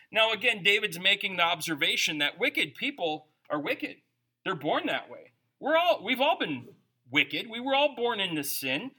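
A man's voice: high-pitched, very animated, normal speed, sharp tone. A man preaching a conversational sermon, reading scripture aloud and breaking into informal, jokey asides. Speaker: pastor.

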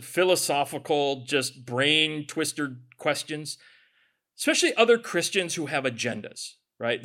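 A male pastor preaching a sermon in a lively, conversational way, with asides to the congregation and acted-out quotes. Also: on the high side.

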